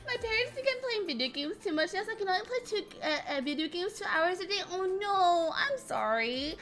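Over soft music, a woman with an extremely high, somewhat bright voice talks at a normal speed and in an animated way to her live-stream audience. Her voice cracks here and there as she gets over a cold, and she giggles bubbly greetings to viewers individually.

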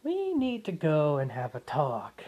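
A man voicing a polite but stern wealthy aunt who speaks sweetly and formally with a quiet threat. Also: on the high side, huge pitch swings, unhurried, exaggerated voice.

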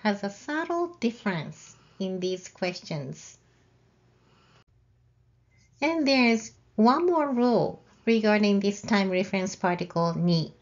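A woman teaching a language lesson, explaining grammar patiently and saying example sentences out loud. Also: mid-range voice, very animated, slow, dull audio. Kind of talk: slow, careful lesson explanation.

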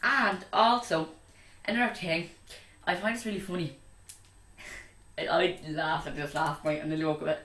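A man's voice: on the high side, fairly even intonation, normal speed, long pauses, pushed and bright. A young Irish man chatting casually in a vlog, telling rambling, giggly stories from his room. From Ireland. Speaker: vlogger. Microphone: laptop mic from a distance. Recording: echoey room, far from the mic.

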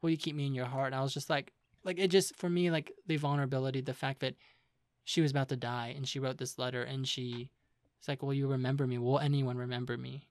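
A man's voice: medium pitch, little pitch movement, quick pace, no echo. A young man co-hosting a casual podcast chat, talking loosely with many fillers as he retells scenes. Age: young adult. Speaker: podcast co-host.

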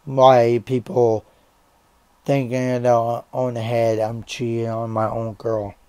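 Angry young guy ranting on his vlog, super slow, cussing and repeating himself, dry close sound. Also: mid-range voice, monotone, mellow, no room sound. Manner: swearing, halting, repeats himself. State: angry and upset. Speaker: vlogger. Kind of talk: angry rant to camera.

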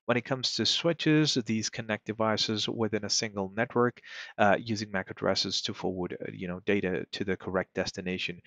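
Man, networking instructor, conversational lesson, low voice, dry dull recording. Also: a bit bright, no room sound. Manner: conversational, uses fillers and rhetorical questions. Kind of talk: screen-recorded tech lesson.

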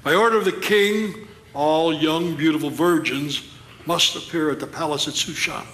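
An actor as a royal herald, bright and commanding, barking out orders and questions. His voice rings in an echoey space with a faint hum around it. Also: on the high side, normal speed, natural voice. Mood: officious. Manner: officious, commanding. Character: royal herald, brisk official of a king. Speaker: stage actor in a musical play. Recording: echoey room with faint ambience.

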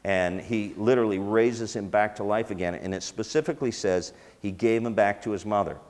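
A man with a fairly low voice teaches in a loose, conversational preaching style, full of fillers and restarts. His voice rings out with the long reverb of a large hall. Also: brisk, a little mellow. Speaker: teacher of a ministry school.

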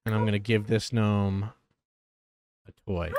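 A man giving casual gameplay commentary as a streamer, chatty and quick to exclaim, breaking off to talk to his dogs. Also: fairly low pitch, steady tone, a little mellow, no room sound. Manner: chatty, exclaims often, talks to his dogs between game remarks. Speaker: gaming streamer.

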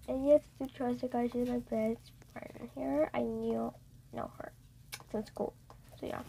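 A woman casually commenting on her gameplay as a vlogger, excitable and gasping, repeating her exclamations. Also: on the high side, a little slow, creaky, a little hiss or hum, low-quality recording. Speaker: gaming vlogger.

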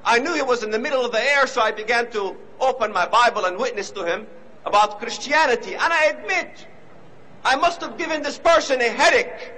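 A man giving an impassioned speech, emphatic and repetitive, now and then rising to shouts. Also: very high-pitched, brisk, a little hiss or hum, poor audio. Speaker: speaker.

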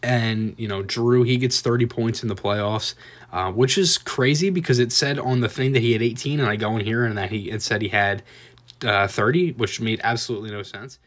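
A young man casually narrating a voiceover over his own video game clips, rambling and excitable with lots of fillers and restarts. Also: medium pitch, a little fast. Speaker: gaming video creator.

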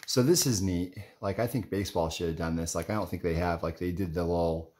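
A man's voice: low-pitched, a little fast, darkish tone. A man in casual running commentary as he flips through trading cards, rambling and chatty with lots of filler words. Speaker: card collector vlogger.

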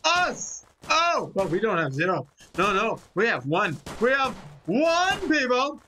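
A person in their twenties giving excited, rambling gameplay commentary, talking straight to viewers and poking fun at themselves. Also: medium pitch, measured pace, slight background noise. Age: 20s. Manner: rambling, animated, talks to viewers, self-mocking. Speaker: gaming commentator. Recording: loud game gunfire under the voice.

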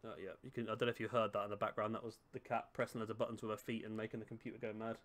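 A gaming YouTuber rattles off rapid-fire commentary on a football game at home, chatty and self-mocking as he talks to the players on screen. His voice is fairly low, level and a bit bright, with slight background noise.

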